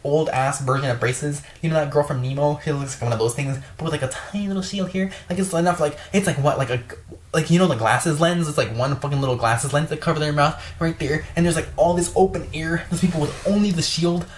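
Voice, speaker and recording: A woman's voice: deep voice, quick pace, a little hiss or hum. A young woman store worker ranting in a casual vlog, swearing often and exasperated, full of fillers.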